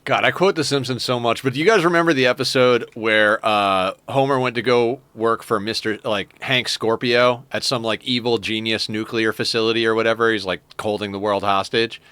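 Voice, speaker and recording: In this dry recording, a man with a clear, resonant, fairly bright medium-pitched voice talks at normal speed and barely pauses. He's streaming a strategy game, chatting loosely, cursing freely and drifting into stories he finds funny.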